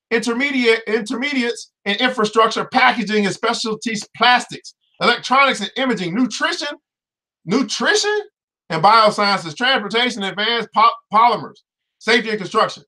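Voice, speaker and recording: A man hosting a finance show in an energetic, preachy way, full of exclamatory asides. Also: extremely high pitch, fairly quick. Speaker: host. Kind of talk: casual finance show talk.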